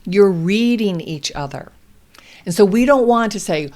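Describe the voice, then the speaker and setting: A woman hosting a parenting show, giving calm, deliberate instructional advice to parents. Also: medium pitch. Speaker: parenting host.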